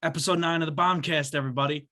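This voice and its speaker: Bright, upbeat podcast host. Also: male voice, a little high, steady tone, very fast. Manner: upbeat, reads show plugs and laughs often. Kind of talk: casual chat.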